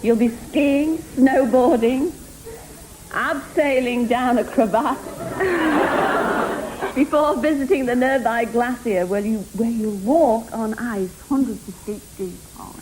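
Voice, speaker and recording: A woman's voice: fairly high pitch, slow, poor audio. A woman hosting a live TV dating show, chatty and teasing, gushing over the contestants. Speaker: game show host. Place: TV studio with live audience. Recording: hissy old VHS tape with loud studio audience.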